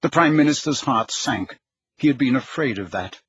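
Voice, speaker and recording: A man narrating an audiobook in a measured, even storytelling manner. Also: mid-range voice, lo-fi sound. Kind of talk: scripted narration.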